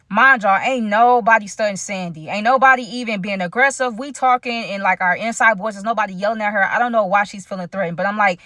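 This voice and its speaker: A woman telling a story in a casual, animated vlog style, chatting straight to her viewers. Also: a little high, quick pace, hardly any pauses, no echo, clean studio sound. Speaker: storytime vlogger.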